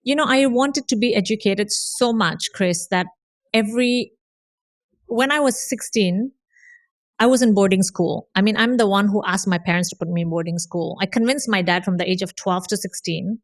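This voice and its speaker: A woman's voice: mid-range voice, moderate pace, dry recording, clean studio sound. A woman from Indonesia, a podcast guest, telling her life story in earnest conversation and repeating phrases for emphasis.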